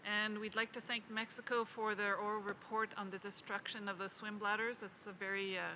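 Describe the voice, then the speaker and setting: Bright-voiced woman delegate, formal statement. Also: mid-range voice, level tone, a little hiss or hum, poor audio. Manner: measured, reads proposed text slowly. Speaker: national delegate. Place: large conference hall.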